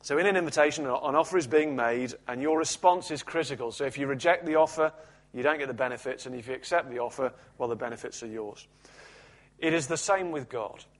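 Male pastor, measured sermon delivery. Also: medium pitch. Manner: measured, earnest expository preaching. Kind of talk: sermon with scripture reading.

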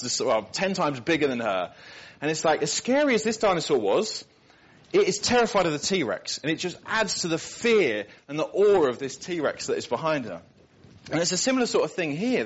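A man's voice: fairly high pitch, fairly bright tone, husky. A man preaching a sermon, earnest and emphatic, often repeating words as he builds a point. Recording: dull lo-fi recording.

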